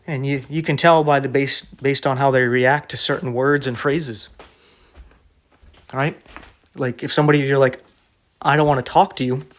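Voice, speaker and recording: A man's voice: medium pitch, steady tone, moderate pace, long pauses. A man preaching casually to camera in a blunt, argumentative way, often checking in with "right?". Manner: conversational, keeps asking "right?".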